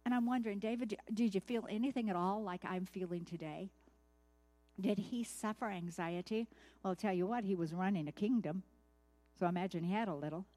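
A woman's voice: medium pitch, a little fast, warm tone. A woman teaching a devotional sermon in a conversational way, often asking her listeners questions. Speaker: Bible teacher.

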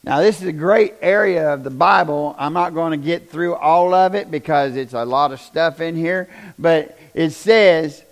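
A high-voiced male preacher gives a fiery sermon at a moderate pace with few pauses, swinging from loud shouting to hushed near-whispers. Folksy in manner, he keeps asking the congregation questions, repeating "do you understand".

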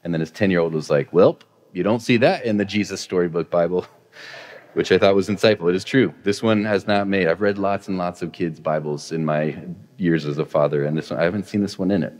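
A man's voice: low-pitched, brisk, a little mellow. A man in his thirties, a pastor, preaching in a chatty, joking style that builds to emphatic points. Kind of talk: conversational sermon. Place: church sanctuary. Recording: long hall reverb.

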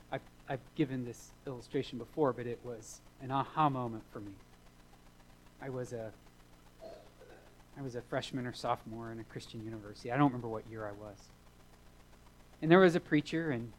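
A man's voice: mid-range voice, a little fast, long pauses, a little hiss or hum, low-quality recording. Man, middle-aged, pastor, sermon, emphatic, repeats lines for weight, church. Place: church sanctuary.

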